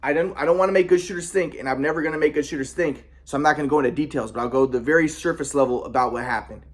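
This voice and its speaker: A man in a casual monologue, rambling and boastful, often restarting his sentences and clearing his throat. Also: fairly high pitch, racing. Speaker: vlogger.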